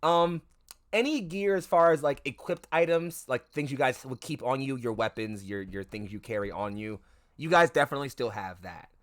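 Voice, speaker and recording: A man's voice: mid-range voice, normal speed, fairly bright tone. A man running a tabletop game as game master, rambling through fillers and self-corrections, and swearing now and then. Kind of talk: narrating a tabletop game on stream.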